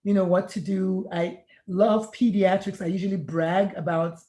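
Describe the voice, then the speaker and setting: A middle-aged woman, once a pediatrician and now a life coach, reflects on her story in an interview, acting out old conversations as dialogue. Her mid-range voice is steady, mellow, and unhurried at a normal speed, and she sounds earnest. The room gives the recording an echoey sound.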